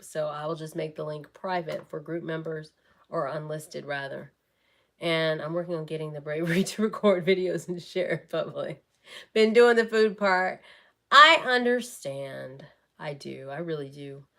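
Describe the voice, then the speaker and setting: A woman's voice: on the low side, fairly bright tone. Bubbly woman chatting on a livestream. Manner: bubbly, chatty, addresses viewers as y'all. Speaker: wellness vlogger and fitness live-streamer. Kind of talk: casual livestream chat with viewers.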